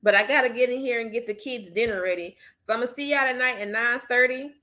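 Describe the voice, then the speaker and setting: A woman hosting a casual livestream, gently coaxing and soothing a child, then chatting easily with her viewers. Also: on the high side, quick pace. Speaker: livestream host and mother.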